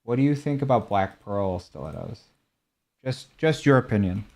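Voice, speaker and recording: A man's voice: fairly low pitch, lively intonation, normal speed, darkish tone. A young man streaming a game, chatting casually and answering viewers' questions about gear and ranks. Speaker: gaming streamer. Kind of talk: casual chat while showing game skins.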